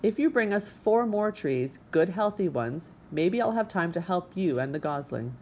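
A woman's voice: fairly low pitch, expressive, moderate pace, darkish tone. A woman voicing a stubborn, grumbling male beaver father with a folksy way of talking. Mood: gruff, folksy.

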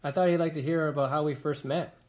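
A man's voice: on the high side, steady tone, fast, darkish tone, lightly acted. A man voicing a big, chatty female otter in a storybook reading, cheerful and talkative.

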